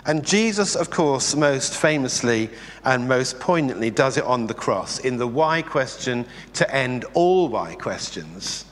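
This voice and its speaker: A man preaching a sermon in a conversational, animated way, asking the congregation rhetorical questions. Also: on the high side, unhurried. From England. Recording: long reverb in a hall.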